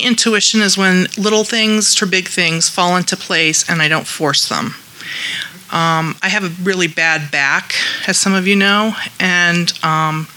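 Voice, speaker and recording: A woman sharing her experience at a support meeting in a chatty, animated way, quoting the people she talks about. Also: lowish voice, low-quality recording. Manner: chatty, animated retelling with quoted voices. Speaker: group member sharing. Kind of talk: personal share at a support meeting.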